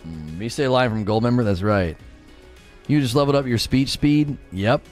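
A man's voice: normal speed, faint music behind. A man chatting casually on a live stream while playing a game, reading viewer messages aloud and answering them. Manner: chatty, reads chat aloud, animated swings in pitch.

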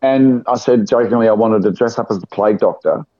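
A man's voice: fairly low pitch, fairly quick, dry recording. A man from South Australia, chatting casually and telling rambling anecdotes, acting out the people in them. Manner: rambling anecdotal storyteller, acts out quoted voices. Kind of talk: casual chat. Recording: dull lo-fi sound.

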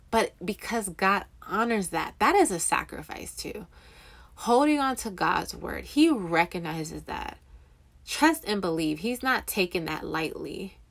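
A young woman giving casual, earnest faith encouragement, rambling a little and correcting herself as she goes. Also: mid-range voice. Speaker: Christian encourager speaking to waiting spouses.

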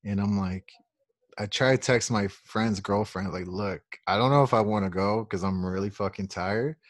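A man's voice: fairly low pitch, moderate pace, no echo, studio quality. A young man from Oklahoma, co-hosting a podcast and telling a long, rambling story full of swearing and acted-out quotes. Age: young adult. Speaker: podcast co-host. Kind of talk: casual storytelling.

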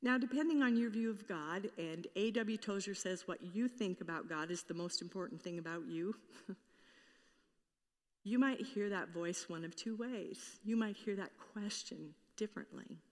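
A woman's voice: mid-range voice, normal speed, darkish tone, in a large hall. A woman pastor preaching a sermon in an earnest way, now and then acting out the voices she quotes.

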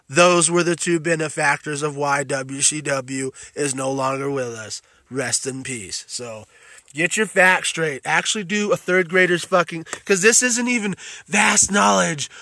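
A man's voice: fairly high pitch, sharp tone, no echo. A man hosting a solo podcast, ranting heatedly with constant swearing. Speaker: podcast host.

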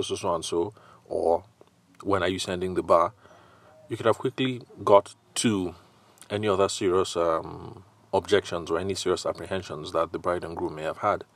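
Deep-voiced Nigerian man hosting a podcast. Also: no echo. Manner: conversational, acts out quoted customers and salesmen. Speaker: podcast host and sales consultant. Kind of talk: solo podcast talk.

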